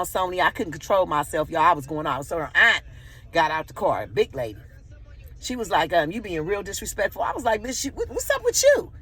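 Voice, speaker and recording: A middle-aged woman telling a profane, animated personal story in casual storytime style, often turning to her listeners. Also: lowish voice, slightly rough.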